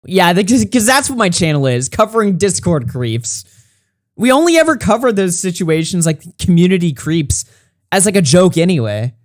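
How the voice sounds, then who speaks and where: A man's voice: sits high, big pitch swings, normal speed, no echo, clean studio sound. Mocking, foul-mouthed male streamer. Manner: mocking, sarcastic, heavy swearing. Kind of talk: profane reaction commentary.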